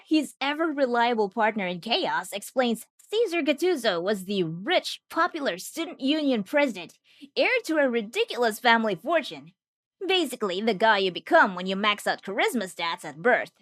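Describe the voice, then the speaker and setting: A woman's voice: a little high, big pitch swings, normal speed, no echo. A woman narrating a scripted anime recap with jokey, wisecracking asides.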